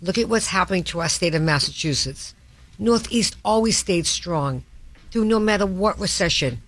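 A woman's voice: lowish voice, animated, moderate pace. A woman with a Boston North Shore accent hosting a talk radio show, blunt and emphatic in casual chat. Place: radio studio.

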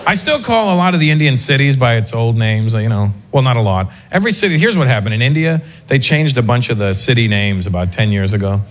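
A male comedian doing a stand-up set with animated storytelling and quick asides. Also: mid-range voice. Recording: live set with audience noise.

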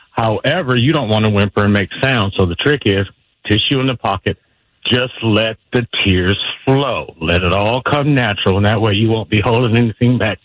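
Radio caller, man, low pitch, homespun advice-giver, dry close sound. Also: no echo, low-quality recording. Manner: folksy and earnest, gives advice. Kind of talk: phone-in advice.

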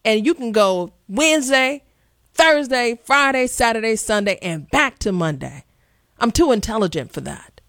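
A woman's voice: a little high, animated, moderate pace, no echo, clean studio sound. A woman hosting a call-in talk radio show, blunt and sassy, pressing her callers hard.

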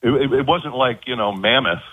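A man telling of his abduction as an interview guest, halting and repeating words in earnest. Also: mid-range voice, slightly rough, dry recording. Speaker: guest recounting an abduction experience. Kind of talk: phone-in interview. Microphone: telephone. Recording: tinny phone line.

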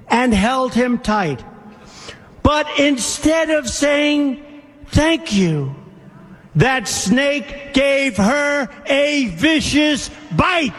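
A man reads a poem aloud at a drawn-out, deliberate pace, leaning hard on each line. His voice sits high for a man. A long hall reverb trails every phrase. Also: a bit bright. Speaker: speaker reading a poem to a crowd. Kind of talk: dramatic poem reading.

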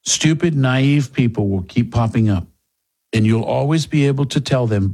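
Sarcastic husky-voiced male commentator. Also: mid-range voice, normal speed, a little mellow. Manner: sarcastic, mocking. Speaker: political commentary host. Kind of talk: opinion monologue.

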